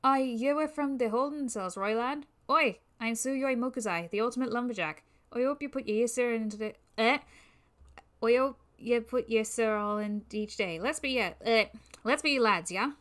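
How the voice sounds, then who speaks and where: A woman voicing a hulking half-Irish male lumberjack, trying an Irish accent in a slow, stumbling brogue. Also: a little high, a bit bright, natural voice. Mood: hearty. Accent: attempted Irish. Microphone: new microphone.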